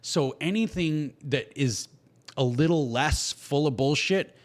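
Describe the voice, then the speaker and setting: The speaker, a podcast host, has a slightly high voice and keeps a measured pace. He talks bluntly and heatedly in a casual, profane style, swearing constantly.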